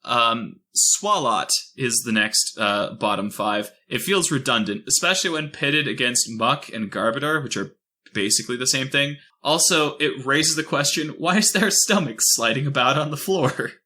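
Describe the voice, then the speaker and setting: A man's voice: medium pitch, animated, normal speed, pushed and bright. A man co-hosting a casual podcast, reading a listener email aloud with dry asides and the odd chuckle.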